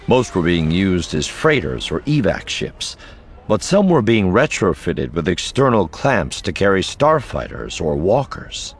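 Deep-voiced man narrating an audiobook. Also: a little hiss or hum. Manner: expressive storytelling. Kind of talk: scripted narration.

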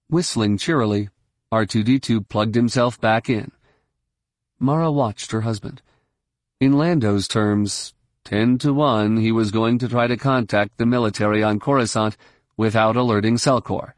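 A male narrator with a lowish voice reads a science fiction novel in measured, even tones. He sits close to the microphone, and the sound is dry and dead with no room around it. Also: dry recording. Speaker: audiobook narrator. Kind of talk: scripted narration.

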